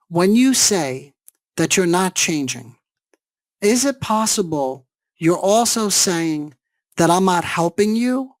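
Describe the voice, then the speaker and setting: A psychologist teaches a seminar on therapy, walking through ideas step by step and checking in with rhetorical questions. His voice sits high and is expressive, with a slow pace and no room sound.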